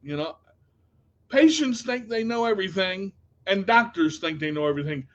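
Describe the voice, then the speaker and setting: A man telling a story casually to camera as a vlogger, animated and jumping to loud outbursts when retelling panic. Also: sits high, normal speed, lo-fi sound.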